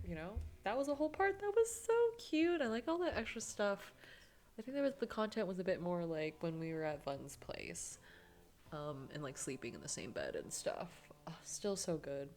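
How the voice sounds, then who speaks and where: A woman's voice: fairly low pitch, sing-song, normal speed. Chatty giggly young woman. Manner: chatty, giggly, with many fillers. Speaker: gaming channel host. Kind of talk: casual let's-play commentary and narration.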